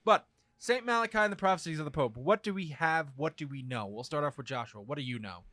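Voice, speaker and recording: A man hosting a casual comedy podcast, brash and excitable, cursing freely. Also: fairly high pitch, fast talker, no room sound. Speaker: podcast host.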